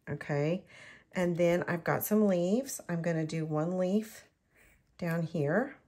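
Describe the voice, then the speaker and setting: A middle-aged woman, chatting to herself and the viewer in an excitable way while she shows how to make a card. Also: fairly low pitch. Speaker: card-making demonstrator. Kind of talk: casual crafting tutorial.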